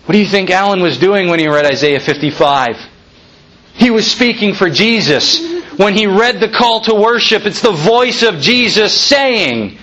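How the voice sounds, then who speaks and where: A man preaching a sermon with impassioned delivery, slowing down for emphasis and dropping to hushed low phrases. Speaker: pastor.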